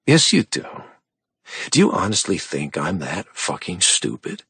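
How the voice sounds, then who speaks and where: A man's voice: low-pitched, huge pitch swings, unhurried, vocal fry, a bit bright, husky, no room sound, full character voice. A male audiobook narrator voicing a menacing, sneering man with an American accent. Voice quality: taunting, sneering. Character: menacing sneering man, the hero's hateful brother.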